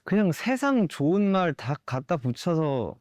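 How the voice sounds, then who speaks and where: A young man, a singer, giving candid interview answers in a thoughtful, halting way with soft laughs. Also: on the high side, very animated, dry recording, clean studio sound.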